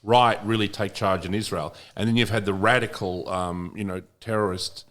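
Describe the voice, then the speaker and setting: A man's voice: lowish voice, steady tone, normal speed, a bit bright. A man co-hosting a podcast who explains his views fluently and steadily in casual chat. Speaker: podcast co-host.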